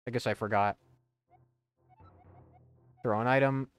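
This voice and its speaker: A man's voice: mid-range voice, steady tone, a little slow, clean tone. A young man streaming a video game, rambling casually with lots of swearing, fillers and restarts. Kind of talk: casual commentary while gaming. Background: faint game music.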